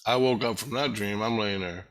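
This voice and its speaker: A man's voice: lowish voice, moderate pace, a bit bright. A man telling a rambling, repetitive personal story, with frequent swearing.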